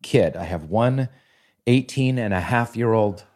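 A low-pitched man in his fifties talks casually as a podcast guest. He tells stories with animated flair and jumps into silly voices and sound effects to act them out. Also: unhurried. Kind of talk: casual storytelling chat.

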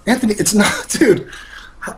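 A man's voice: sits high, sing-song, moderate pace, a bit bright, a little hiss or hum. A man in a heated argument, speaking in an exasperated, sarcastic way.

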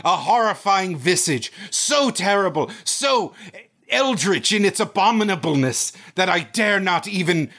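A man's voice: sits high, animated, measured pace, a bit bright, pitched above the performer's own voice, heavily acted. Man voicing a haunted, archaic horror narrator, overwrought dread. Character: man driven mad by a horror, old-fashioned. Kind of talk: mock horror reading.

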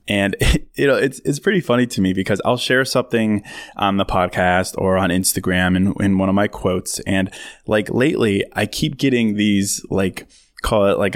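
A podcast host chats casually to listeners in a solo monologue, laughing often, using many fillers, and putting on mock voices for quotes. His voice sits low, and the studio-quality recording has no echo.

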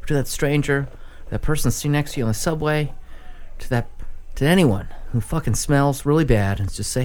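A man's voice: mid-range voice, a little fast, darkish tone. A man on a comedy podcast giving mock-earnest little speeches. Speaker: podcast co-host. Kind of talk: casual comedy chat.

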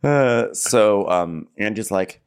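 A man's voice: fairly low pitch, takes it slowly, creaky, smooth. A man co-hosting a podcast, recapping a reality show in casual chat and acting out quotes. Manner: animated storyteller, acts out quotes. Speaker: podcast co-host.

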